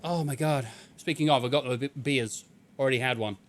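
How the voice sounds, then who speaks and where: A man's voice: medium pitch, brisk. A man streaming a video game, commenting casually in a joking, incredulous way. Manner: joking, incredulous, laughs often.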